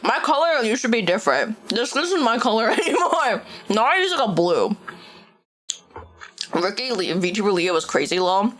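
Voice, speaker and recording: A woman's voice: on the high side, very animated, normal speed, a bit bright. A woman VTuber chatting casually on a livestream, swearing freely and laughing often. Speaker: VTuber streamer.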